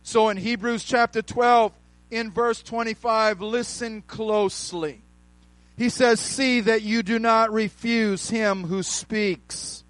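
High-voiced, slow preaching man. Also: steady tone, dry recording, low-quality recording. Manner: calls out to the congregation, rising to shouts; slow, drawn-out emphasis on key words. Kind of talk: sermon.

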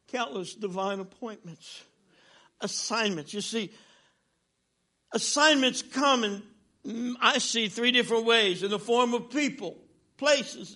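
Bright, high-voiced older male preacher. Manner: animated storytelling with jokes, swinging from loud to hushed. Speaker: traveling minister. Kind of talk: sermon.

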